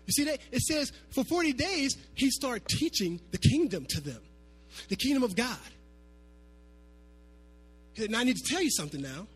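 A pastor delivers his sermon in a fairly high voice, lively and half-sung at times. Faint music plays underneath his words. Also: normal speed, long pauses, breathy edge. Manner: animated preaching, sometimes half-singing his phrases.

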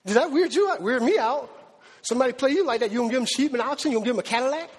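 A man's voice: very high-pitched, expressive, racing, slightly rough, long reverb tail. A man preaching a conversational sermon in a church, full of rhetorical questions to the congregation. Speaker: pastor. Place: church sanctuary.

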